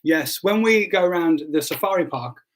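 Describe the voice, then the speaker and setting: A pastor hosting a casual church livestream reads out quiz results, joking at his own expense, stumbling and apologizing. His high-sitting voice is expressive and moderately paced.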